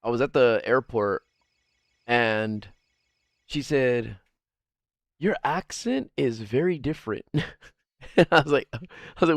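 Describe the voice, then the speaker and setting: A man's voice: mid-range voice, a little slow, long pauses, no room sound. A man streaming live, chatting casually in a rambling, profane way and laughing often as he answers chat. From Guam.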